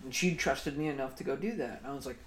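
A man's voice: medium pitch, quick pace. Rambling young man in echoey room. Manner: rambling, profane, many "like" fillers. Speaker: podcast co-host. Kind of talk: casual storytelling chat. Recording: echoey room, faint noise.

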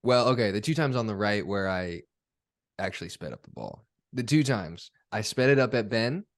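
Low-voiced young man chatting casually. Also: moderate pace, no echo, clean studio sound. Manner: relaxed, rambling, self-deprecating. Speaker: podcast host. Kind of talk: casual chat.

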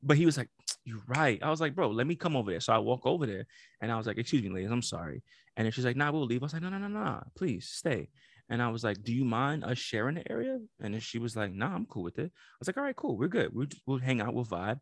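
A man co-hosting a casual podcast, telling an animated story and acting out the quotes, swearing freely. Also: medium pitch, quick pace, no room sound, clean studio sound. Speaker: podcast co-host.

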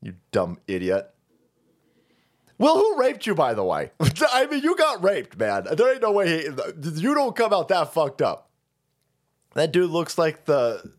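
Crude and derisive, the host of a political stream rants about people and pokes fun at them, slipping into high mock voices.

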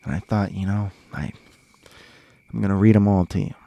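Man, podcast host, low voice, animated casual chat, dry close sound. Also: moderate pace, gravelly, no room sound. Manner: animated, talks straight to listeners, chuckles often.

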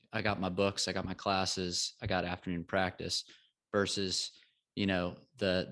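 A young man from Texas co-hosts a podcast in a deep, flat voice. He reflects in a measured, casual way and keeps checking in with his listeners through quick tag questions. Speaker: podcast co-host, former college athlete.

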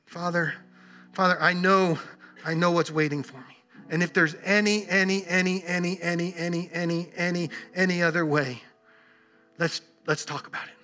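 A man's voice: high-pitched, steady tone, pushed and bright. A preacher voicing an anguished man praying. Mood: pleading. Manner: pleading, halting, repeats words.

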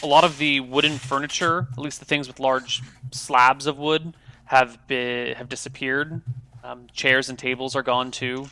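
A man's voice: mid-range voice, level tone, measured pace, bright, forceful tone. A man narrating a tabletop game as game master, describing scenes in loose, improvised narration.

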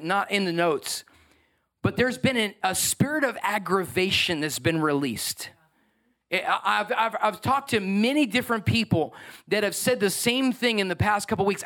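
A male pastor preaching a sermon, energetic and building in pitch to stress his points. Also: normal speed.

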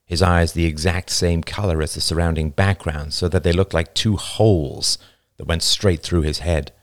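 A man narrating a novel as its author, reading expressively and dramatically. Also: sits low.

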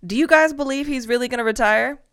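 A woman's voice: high voice, fast talker, fairly bright tone, clear, resonant tone, no echo, clean studio sound. A woman hosting a weekend party talk show, chatting casually and laughing often. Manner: laughs often, talks in loose run-on sentences. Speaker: host. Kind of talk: casual chat.

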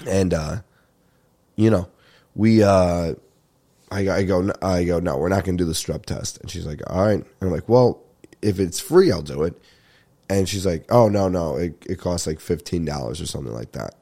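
A man's voice: deep voice, normal speed, dark tone. Congested young man rambling through stories. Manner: rambling, swearing, laughs while telling stories. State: congested, getting over a sinus infection. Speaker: podcast host. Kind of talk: casual comedic storytelling.

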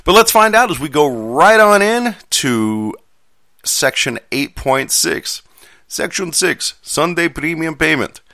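A man's voice: on the high side, sing-song, slow, sharp tone, no echo, pitched above the performer's own voice, full character voice. A man putting on a foreign accent to read out dry legal text in a careful, stilted way. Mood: earnest.

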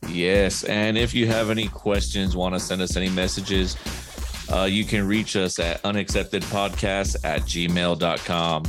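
A man hosting a podcast in relaxed casual chat, wrapping up the show. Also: low voice, unhurried, music in the background. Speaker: podcast host.

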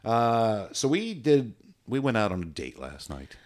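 A podcast co-host from Virginia chats casually, joking and rambling in an easygoing way. His voice is on the low side, a little mellow, very animated, and unhurried.

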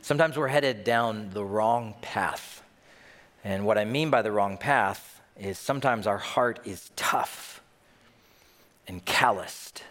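A young man preaching a sermon, animated and playful, telling stories and acting out voices. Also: lowish voice, takes it slowly. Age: young adult. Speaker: pastor. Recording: long hall reverb.

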